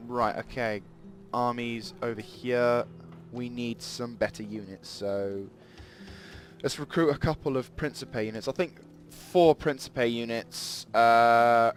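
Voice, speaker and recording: A man giving rambling let's play commentary at a desk mic, thinking aloud as he plays. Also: medium pitch. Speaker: gaming channel host.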